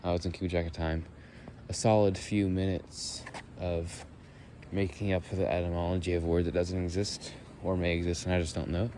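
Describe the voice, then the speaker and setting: A young man musing and thinking out loud as he walks outdoors through leaves. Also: deep voice, flat delivery, moderate pace, a little hiss or hum. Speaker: vlogger. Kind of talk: rambling walk-and-talk monologue.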